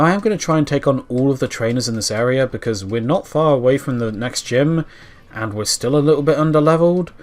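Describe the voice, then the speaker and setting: A young man with a dry mouth, casually chatting through a video game playthrough, sometimes talking back to the game. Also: medium pitch. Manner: chatty, self-deprecating, talks to the game. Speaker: let's-play host. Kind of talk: casual gameplay commentary.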